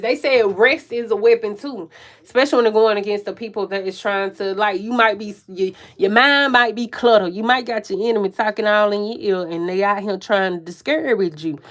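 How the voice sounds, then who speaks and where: Loud, laughing tarot reader woman. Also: medium pitch, a little fast. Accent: Southern US. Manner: profane, slangy, self-interrupting. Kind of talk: live tarot reading.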